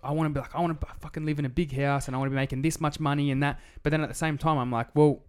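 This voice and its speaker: An Australian man co-hosting a casual podcast, telling stories with lots of swearing and a lively delivery. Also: fairly high pitch, rapid-fire, clear, resonant tone. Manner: sweary, animated storyteller. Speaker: podcast co-host. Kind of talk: casual chat.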